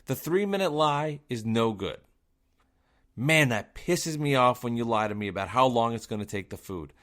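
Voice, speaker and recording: A man's voice: mid-range voice, moderate pace. Ranting man telling a story. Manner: ranting, worked up, rhetorical questions; lively swings between loud and quiet. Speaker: podcast host and delivery driver. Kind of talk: casual storytelling monologue.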